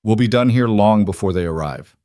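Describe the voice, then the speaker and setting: A man voicing a smooth, educated and coldly polite man who makes threats. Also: fairly low pitch, expressive, a little fast, mellow, dry recording, studio quality, close to an everyday voice. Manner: smooth and educated, turning hard.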